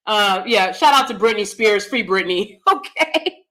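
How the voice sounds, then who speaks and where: A woman, chatting casually and animatedly with her viewers while laughing often, swinging between loud bursts and soft asides. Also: mid-range voice, animated, a little slow. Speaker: channel host. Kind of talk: casual live-stream chat.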